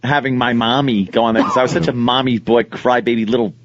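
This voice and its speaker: A man hosting a casual chat, telling crude stories in an animated way and laughing often. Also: medium pitch, fast, no room sound. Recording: dull lo-fi studio audio.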